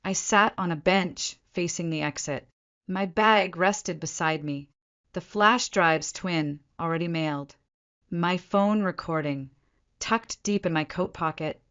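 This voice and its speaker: Low-voiced woman narrating a drama story. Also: a bit bright, muffled recording. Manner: measured, dramatic pauses in short phrases. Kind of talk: scripted first-person story narration.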